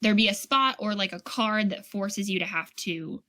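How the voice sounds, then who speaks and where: A woman's voice: mid-range voice, normal speed, sharp tone. A woman guest in a casual chat, recorded on a phone, speaking hesitantly and searching for her words. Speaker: guest player. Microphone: phone used as camera.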